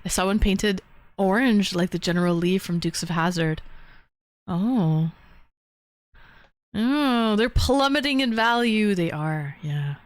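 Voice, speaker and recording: A woman's voice: medium pitch, animated, slow pace, long pauses, dry recording. A woman hosting a casual livestream, chatting with viewers, laughing often and swearing casually. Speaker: livestream host reading chat.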